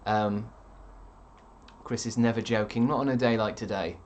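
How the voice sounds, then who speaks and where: Deadpan man streamer. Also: fairly low pitch, normal speed, slight background noise. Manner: deadpan, sardonic, swearing often. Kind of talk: casual chat reading viewer comments.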